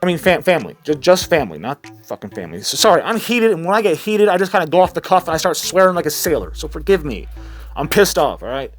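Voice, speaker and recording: A man's voice: a little high, sing-song, fast, soft background music. A man ranting in a heated, sarcastic commentary vlog, swearing freely. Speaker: commentary channel host.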